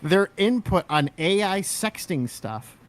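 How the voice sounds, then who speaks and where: A man in casual livestream chat, cutting in with dry, dark jokes. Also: sits high, animated, slow pace.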